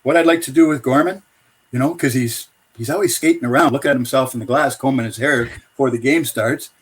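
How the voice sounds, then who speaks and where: A man retelling the words of a blunt but affectionate male hockey coach in a lowered, quieter voice. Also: a little fast, husky, close to an everyday voice.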